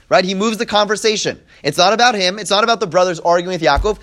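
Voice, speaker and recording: A man leads a Bible text-study class in a high-pitched, fairly bright voice, talking fast with few pauses. He reads verses, translates them line by line, and acts out the quoted speakers. He explains step by step and keeps checking in with "right?"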